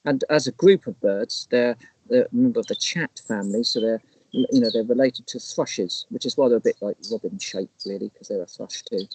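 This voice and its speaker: A man's voice: mid-range voice, brisk, a little mellow, poor audio. Guy chatting about wildlife on a live stream, goes off on tangents, restarts a lot, bit of faint background noise. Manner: rambling, explanatory, with restarts. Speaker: naturalist co-host. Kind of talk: casual live-stream chat. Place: outdoors in the countryside.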